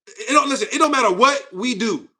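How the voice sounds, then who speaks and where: Heated ranting host, man, high bright voice, confrontational. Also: lively intonation, fairly quick, breathy edge. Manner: heated, confrontational, repetitive, swings loud and quiet. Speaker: channel host. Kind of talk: ranting commentary to viewers.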